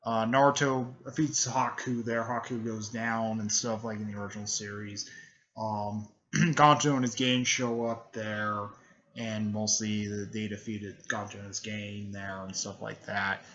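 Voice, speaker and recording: A man casually retelling a fan-made story, hesitant and filled with pauses, fillers and a habitual tag word. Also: lowish voice, level tone, fairly bright tone, lo-fi sound. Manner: hesitant, full of fillers and "there".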